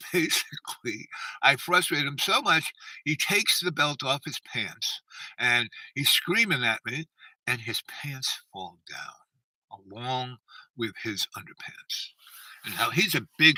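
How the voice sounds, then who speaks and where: A man's voice: medium pitch, bright, forceful tone, dry recording, far from the mic, rough recording. A man telling a long personal story in a meandering, self-interrupting way and acting out the people he quotes. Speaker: channel host.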